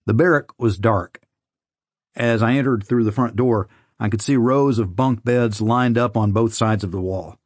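A man narrating a first-person audiobook in a steady, conversational storytelling manner. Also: mid-range voice, no echo, studio quality.

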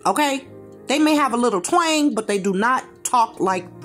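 A woman's voice: fairly high pitch, animated, moderate pace, faint music behind. A woman giving a blunt reaction rant in slangy, informal speech, repeating phrases for emphasis. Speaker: commentator reacting to a video.

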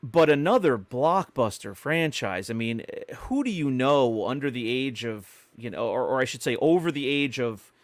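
A man's voice: mid-range voice, expressive, moderate pace, few pauses, dry recording. A middle-aged man co-hosting a podcast, telling stories in a chatty way with many fillers and restarts. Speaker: podcast co-host. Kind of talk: casual podcast chat.

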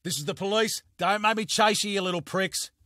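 A man voicing a rough-talking, impatient male country police officer who swears bluntly, for an audiobook. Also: mid-range voice, brisk, pushed and bright, no room sound, clean studio sound. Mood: yelling. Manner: coarse, blunt, swears freely. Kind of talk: audiobook character voice.

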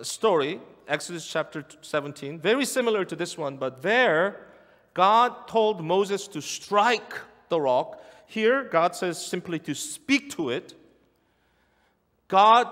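In the sanctuary, long hall reverb trails the high-pitched, fairly bright voice of a middle-aged pastor delivering an earnest sermon. He returns again and again to key phrases and puts questions to the congregation.

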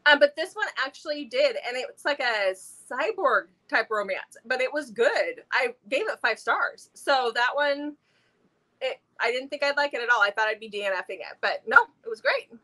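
A woman's voice: sits high, animated, moderate pace, bright, forceful tone. A woman in her thirties, co-host of a book channel, chatting casually and enthusiastically about books. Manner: enthusiastic, talkative, laughs often.

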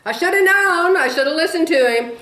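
A woman's voice: very high voice, expressive, brisk, pushed and bright. A woman in her sixties telling rambling stories in a casual vlog, chatty and drifting off topic, laughing at herself. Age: 60s. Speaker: beading vlogger. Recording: echoey room.

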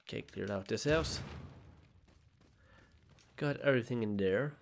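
A man's voice: lowish voice, a little slow, gravelly, slight background noise. A man hosting a gaming channel, giving casual, self-mocking commentary while playing a horror game at home. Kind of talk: let's play commentary. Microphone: desk mic with webcam.

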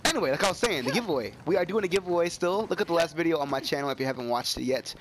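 A young man with a cold giving excitable, chatty commentary while playing a shooter game. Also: fairly high pitch, racing, a little hiss or hum. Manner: excitable, yelps and trails into chatty stories. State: sick with a cold, coughing. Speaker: gaming YouTuber. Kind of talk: casual gameplay commentary. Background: game gunfire.

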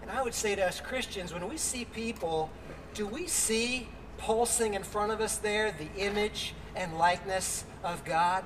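High-voiced older male preacher outdoors. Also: a little slow, fairly bright tone, big-room sound, far from the mic, a little hiss or hum. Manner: earnest, with fillers and restarts. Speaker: pastor. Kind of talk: sermon.

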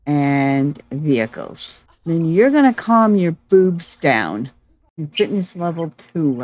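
A woman's voice: fairly low pitch, a little mellow, dry recording, low-quality recording. A woman giving casual commentary over her gameplay, talking to her game characters like a fussing mom. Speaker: gameplay video creator.

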